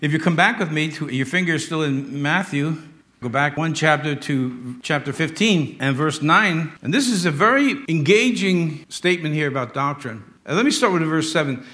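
A middle-aged man preaching a sermon as pastor of a church, emphatic, swinging from loud, drawn-out lines to hushed asides. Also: on the high side, animated.

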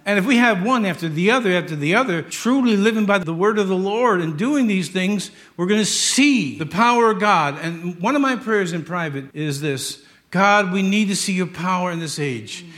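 A man's voice: sits high, animated, moderate pace, few pauses, a bit bright. A man preaching a sermon, emphatic and joking, acting out the stories he tells.

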